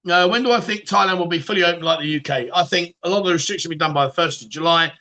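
A man's voice: on the high side, racing, bright, forceful tone. A man hosting a casual livestream chat show, reading viewer comments and joking around with frequent laughs and swearing.

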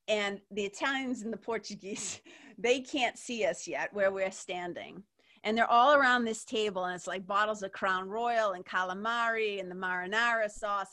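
A woman podcast host tells a personal story during an interview, candid and emotional, swearing freely and relying on "like." Her medium-pitched voice is bright and forceful.

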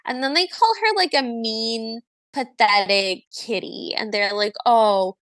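A young woman co-hosting a casual podcast, talking in a high, bright voice and recapping a film with lively energy. She keeps slipping into quoted lines as she goes, and her voice sounds close and dry. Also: measured pace, no room sound. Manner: animated, acts out quoted lines. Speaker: podcast co-host.

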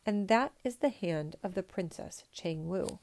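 A woman reading a storybook, voicing a humble young male peasant who speaks calmly and quietly. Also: lowish voice, a little slow. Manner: calm and quiet.

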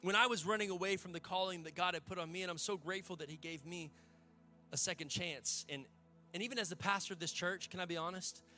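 A man's voice: high-pitched, fast, bright, forceful tone, soft background music. A male pastor, preaching a sermon to a church congregation in a fervent, conversational way with folksy asides.

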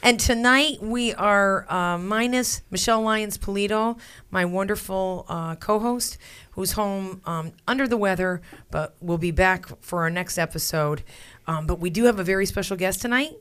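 A woman's voice: medium pitch, moderate pace, fairly bright tone, smooth. A woman hosting a casual podcast chat and telling stories in a chatty way, often laughing. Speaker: podcast host.

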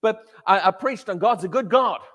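High-voiced male preacher in a reverberant hall. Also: moderate pace, a bit bright. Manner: storytelling, frequent stammered restarts and laughs. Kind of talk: sermon.

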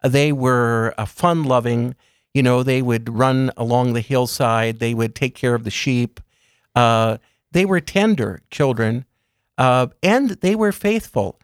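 A man speaking as a guest in an interview, explaining calmly with a measured, gentle storytelling manner. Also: mid-range voice, smooth, no room sound, clean studio sound. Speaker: guest speaker on religious topics. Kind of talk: calm explanatory interview talk.

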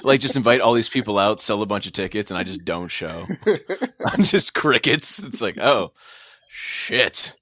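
A man's voice: on the low side, expressive, normal speed, bright, forceful tone, no room sound, studio quality. A man hosting a sports podcast, joking around and hyping up guests in his introductions. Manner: joking, hype-style introductions. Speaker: podcast host.

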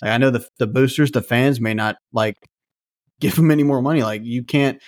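A man's voice: mid-range voice, a little fast, no room sound, studio quality. A man co-hosting a casual sports podcast, recounting game details and stats. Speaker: podcast co-host.

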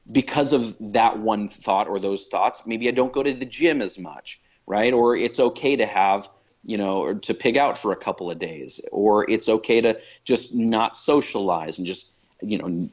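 Reflective male interviewee; low voice, muffled recording, musing pace. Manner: thoughtful, many fillers and restarts. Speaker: podcast guest. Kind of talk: reflective conversation.

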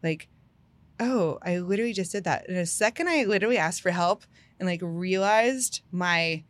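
A woman telling a personal story in a casual podcast chat, animated and full of "like" fillers, laughing often. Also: lowish voice, normal speed, dry recording.

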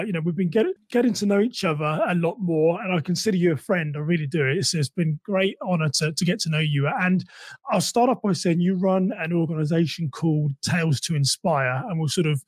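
A man's voice: a little high, no room sound. A man with a South London accent hosting a podcast, upbeat and talkative, often restarting his sentences. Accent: South London English. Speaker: podcast host. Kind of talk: podcast interview.

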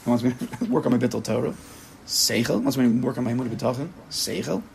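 A rabbi giving a Torah class with a gravelly, creaky voice, pressing his points home with emphasis. He keeps slipping into little quoted inner voices to make his case. A faint hiss sits under the recording. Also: medium pitch, fast talker, darkish tone, low-quality recording.

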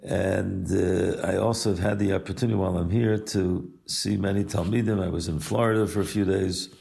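An older man, a rabbi, recording an unhurried personal message and story, weaving Hebrew and Yiddish terms into his English. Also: low-pitched, fairly even intonation, vocal fry, darkish tone. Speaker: rabbi and yeshiva teacher.

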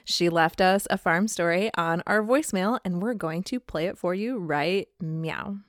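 A woman's voice: fairly low pitch, moderate pace, no echo, studio quality. A woman co-hosting a casual podcast, playful and laughing often. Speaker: podcast co-host. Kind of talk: casual chat.

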